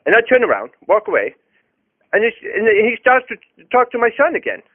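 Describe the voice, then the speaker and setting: Guy on a prank call rambling through a silly story, lots of uhs, bouncy highish voice, phone-line sound. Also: wildly swooping pitch, brisk. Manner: hesitant, full of fillers and restarts. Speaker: prank caller.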